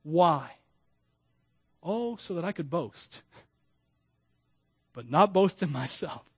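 A man preaching a sermon as pastor, animated, with humorous asides and self-deprecating jokes. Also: fairly high pitch, slow, breathy edge, dry recording, studio quality. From Florida.

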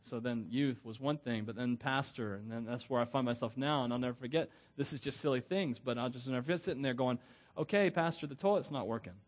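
A man's voice: mid-range voice, steady tone, quick pace, hardly any pauses. A middle-aged man, a pastor preaching a sermon in a conversational, self-deprecating way with frequent laughs.

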